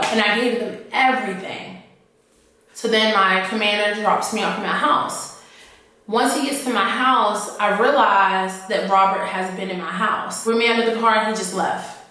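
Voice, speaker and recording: Woman, personal story, halting earnest delivery, mid pitch, heavy room echo. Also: fairly even intonation, pushed and bright. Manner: halting, repeats herself, earnest retelling. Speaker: army officer recounting her experience. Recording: echoey room, voice from off-mic.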